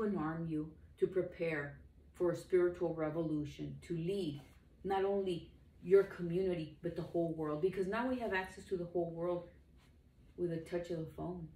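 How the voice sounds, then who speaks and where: A woman's voice: fairly low pitch, warm tone. Earnest older woman preaching in an echoey room. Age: 60s. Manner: earnest, emphatic and rambling. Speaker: lay minister. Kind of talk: informal preaching to camera. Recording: roomy echo, distant mic, faint background noise.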